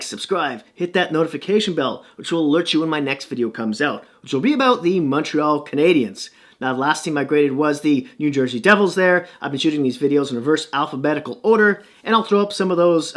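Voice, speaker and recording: Chatty man with a slightly high voice. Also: a bit bright. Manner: loose, rambling delivery with many fillers and restarts; reels off stats and standings. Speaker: hockey vlogger. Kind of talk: casual sports commentary.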